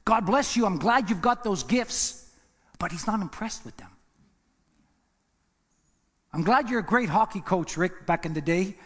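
A man preaching a sermon as pastor, emphatic, repeating words and swinging between loud and hushed lines. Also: sits high, lively intonation, measured pace, long pauses, slightly rough, big-room sound. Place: church.

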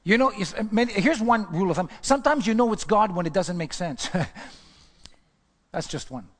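In a large-sounding church hall with long reverb, a pastor with a fairly high voice gives his testimony expressively at a moderate pace. He narrates with animation and pushes his voice up sharply whenever he voices his own lines.

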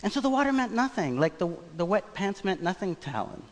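A man preaching a sermon, telling a personal story in a conversational, animated way. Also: high voice, fast talker. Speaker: pastor. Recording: long church reverb.

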